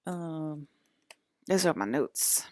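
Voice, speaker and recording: A woman in her forties with a low, animated voice speaks extremely slowly, recorded dry with clean studio sound. Hosting a rambling spiritual livestream monologue, she angrily swears at and scolds her viewers, restarting her sentences often.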